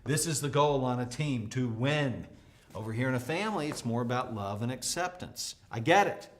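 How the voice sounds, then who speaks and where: A man's voice: medium pitch, lively intonation, moderate pace, slight background noise. A middle-aged American man teaching a leadership lesson at a whiteboard, talking emphatically and acting out quoted voices. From United States. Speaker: leadership trainer.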